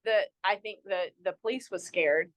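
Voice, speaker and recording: A young woman from North Carolina, a resort general manager, tells a story as a podcast guest in an animated, self-mocking way and fills her talk with "like.". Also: medium pitch, normal speed. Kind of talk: casual interview storytelling.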